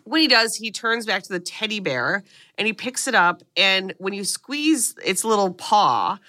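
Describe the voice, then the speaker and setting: A woman's voice: mid-range voice, very animated, normal speed, pushed and bright. A woman co-hosting a podcast, recapping a movie in casual chat and swearing freely as she tells the story.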